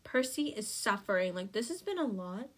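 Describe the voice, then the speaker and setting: A young adult woman hosting a casual book recap podcast, animated and chatty, laughing often and filling with "like.". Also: mid-range voice, moderate pace. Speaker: podcast host.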